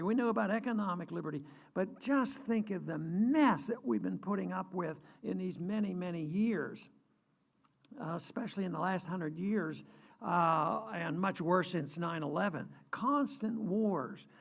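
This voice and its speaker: Older American man, gravelly, earnest speaker who stops and restarts. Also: sits high. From United States. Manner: earnest, emphatic, halting with restarts. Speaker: guest speaker. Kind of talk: political speech.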